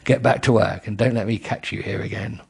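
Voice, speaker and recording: A man's voice: on the low side, steady tone, a little fast, creaky, breathy edge, exaggerated voice. A man voicing a stern office boss who growls his clipped orders from a storybook. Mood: growling stern.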